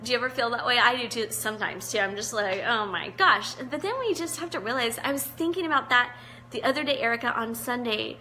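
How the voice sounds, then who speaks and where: A woman's voice: a little high, animated, fast, slight background noise. A middle-aged woman hosting a live devotional chat, reading out viewer comments in an encouraging, chatty way. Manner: warm encouraging, chatty, greets viewers by name. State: teary-eyed. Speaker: online show host.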